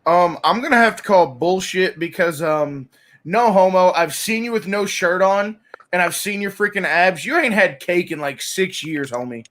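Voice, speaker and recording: A man's voice: high voice, normal speed, fairly bright tone. A man hosting an interview, asking questions in a laid-back, slangy way. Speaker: interviewer, host. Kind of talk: casual interview.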